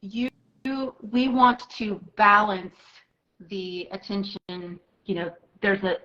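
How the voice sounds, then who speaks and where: A woman's voice: medium pitch, takes it slowly, pushed and bright, highs cut off. A woman teaching a makeup lesson, coaching step by step in an encouraging, hands-on way with casual filler words. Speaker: makeup instructor. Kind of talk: instructional makeup tutorial.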